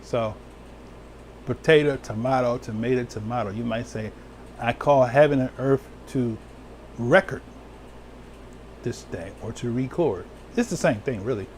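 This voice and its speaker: A man preaching as an elder, reading scripture slowly and talking casually with his listeners. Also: medium pitch, darkish tone, slight background noise. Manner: slow, drawn-out scripture reading with sudden whoops and laughs; casual, talks to viewers live.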